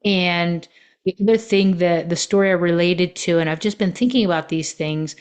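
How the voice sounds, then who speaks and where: A woman's voice: on the low side, moderate pace, smooth. A woman coaching on relationships in a podcast monologue, telling personal stories in a reflective way with many fillers.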